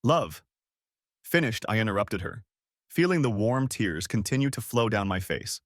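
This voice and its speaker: A male narrator reading a first-person story in a dramatic, expressive way. His pitch moves a lot, from low to high. The sound is dry and close to the mic. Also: moderate pace, no echo.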